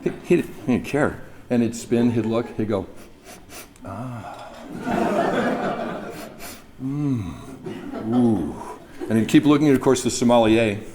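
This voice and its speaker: A man's voice: medium pitch, fairly quick. Man at a podium, anecdotal and chuckling, noisy speech recording. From New Brunswick, Canada. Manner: storytelling, chuckling, imitates others. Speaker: speaker at a memorial event. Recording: mic speech with background noise.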